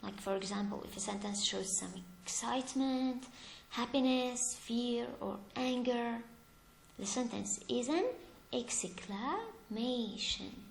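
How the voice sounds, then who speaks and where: A woman's voice: on the high side, unhurried, gravelly, a little hiss or hum. A woman teaching English grammar, asking her class questions and answering them herself as she explains each example. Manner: lively, stresses examples with rising emphasis. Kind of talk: slow, deliberate classroom explanation. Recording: echoey room.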